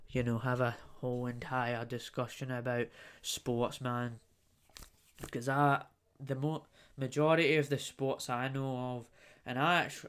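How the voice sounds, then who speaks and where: A man's voice: medium pitch, clean tone. A young adult man hosting a solo podcast, rambling and ranting jokingly, with frequent swearing. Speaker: podcast host.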